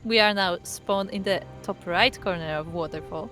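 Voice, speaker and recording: A woman's voice: medium pitch, moderate pace, few pauses, pushed and bright, faint music behind. A woman casting a live esports match, casual and chatty, often saying "like". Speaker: esports caster. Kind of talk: live game commentary.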